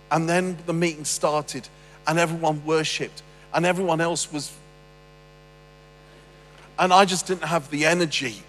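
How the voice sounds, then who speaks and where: A man's voice: fairly high pitch, steady tone, unhurried, pauses often, fairly bright tone, in a large hall, soft background music. A man telling a humorous personal story on stage, rambling and self-deprecating with stammered restarts. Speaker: speaker.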